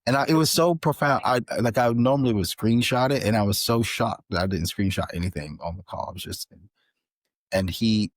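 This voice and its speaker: A man, a podcast guest, telling an animated story in a casual interview, with frequent restarts. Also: fairly low pitch, brisk, dry recording. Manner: animated, many restarts and fillers. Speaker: podcast guest, author and filmmaker.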